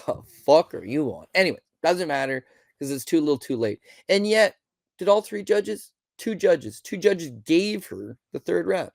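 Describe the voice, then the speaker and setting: A man's voice: fairly high pitch, very animated, normal speed, creaky, dry recording. A man hosting a podcast, recapping fights in a blunt, exasperated rant full of rhetorical questions and swearing. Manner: rhetorical questions, mimics people mid-rant. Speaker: podcast host. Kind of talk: solo fight recap commentary.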